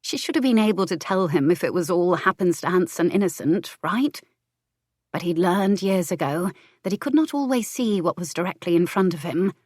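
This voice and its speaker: Low-voiced woman narrating a romance. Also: breathy edge, dry recording, clean studio sound. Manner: measured, expressive reading. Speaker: audiobook narrator.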